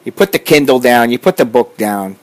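A man's voice: medium pitch, lively intonation, brisk, low-quality recording. A middle-aged man from the United States, ranting in a profane, combative vlog monologue. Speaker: vlogger.

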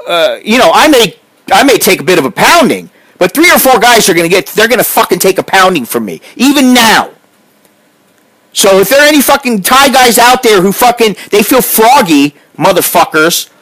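A man's voice: sits high, fairly bright tone, rough recording. A middle-aged man from the United States, ranting in a profane, combative vlog monologue. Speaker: vlogger.

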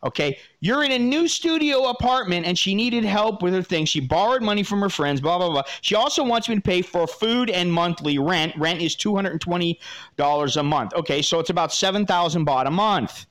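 A man hosting an advice talk, reading a listener's letter and answering with blunt, profane, animated rants. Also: high voice, a little fast. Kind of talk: casual advice commentary.

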